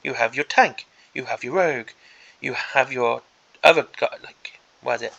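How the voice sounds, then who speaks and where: A man's voice: mid-range voice, moderate pace, gravelly, fairly bright tone, breathy edge, lo-fi sound. A man hosting a miniatures hobby channel, giving an exasperated, sarcastic ranting commentary on a product preview.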